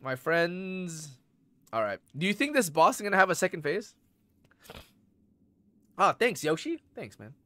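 A man streaming a video game live, chatting casually with viewers and bursting into excited outbursts between mumbled asides. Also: high-pitched, unhurried, pauses often. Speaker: gaming streamer. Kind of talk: live gameplay stream chat. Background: faint game music.

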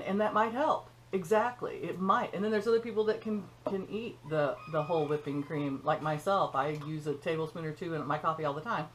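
A woman's voice: on the low side, a bit bright, slight background noise, poor audio. An older woman hosting her own cooking channel, talking in a folksy, chatty way with joking asides, from her home kitchen. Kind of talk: casual chat.

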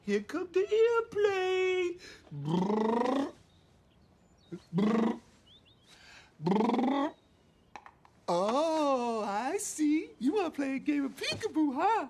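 An actor playing a flustered, worn-out young husband who talks slowly and drifts into baby talk. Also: male voice, very high-pitched, big pitch swings, darkish tone, slight background noise, heavily acted. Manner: slow, bewildered, baby talk to an infant.

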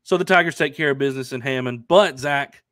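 A man's voice: medium pitch, brisk, fairly bright tone, no echo, clean studio sound. A man co-hosting a casual sports talk stream, sounding stuffy and nasal from allergies, upbeat and chatty with lots of fillers. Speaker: co-host. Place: at home in Arkansas. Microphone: remote stream microphone.

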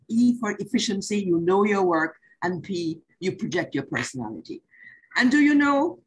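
Older woman telling lively anecdotes, husky. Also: mid-range voice, low-quality recording. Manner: animated anecdotes, acts out quoted lines. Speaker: interview guest, former actress. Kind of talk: storytelling interview.

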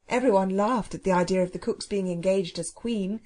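A woman narrating a children's audiobook with expressive, measured storytelling. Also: mid-range voice. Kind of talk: storybook reading.

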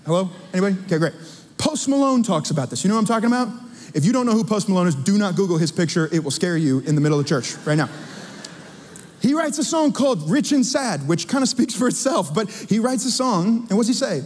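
Preaching at a quick pace with a breathy edge, a pastor whose voice runs high for a man teases and quizzes his congregation in a lively, conversational sermon. A long reverb from the big church sanctuary hangs on every word.

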